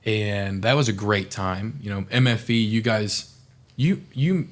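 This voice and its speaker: Brief: young male podcast guest, from Oklahoma, lowish voice, animated casual storyteller. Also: a little slow. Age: young adult. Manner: animated storyteller, acts out quoted people.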